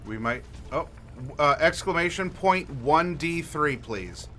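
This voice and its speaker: A man hosting a livestream as game master, friendly and unhurried, asking chat for dice rolls and pausing with fillers. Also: on the high side, animated, pushed and bright. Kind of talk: livestream character creation, talking to chat.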